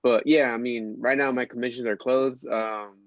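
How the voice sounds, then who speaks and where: A man's voice: medium pitch, steady tone, moderate pace, no room sound, lo-fi sound. A man speaking as a podcast guest in casual chat, hesitant, with lots of ums and uhs.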